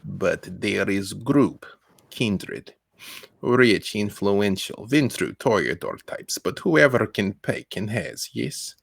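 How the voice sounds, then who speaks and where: A man putting on a slow-talking Russian tracksuit mobster. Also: lowish voice, animated, gravelly, dry recording, clean studio sound, heavily acted. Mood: conspiratorial. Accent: put-on Russian accent. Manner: slow, broken English, clipped phrases. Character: thirty-something male Russian mobster in a tracksuit.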